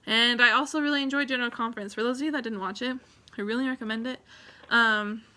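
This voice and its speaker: Bright-voiced emotional young woman vlogger. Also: a little high, steady tone, fast. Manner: emotional, rambling, grateful, tearful at times. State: teary. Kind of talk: personal vlog update.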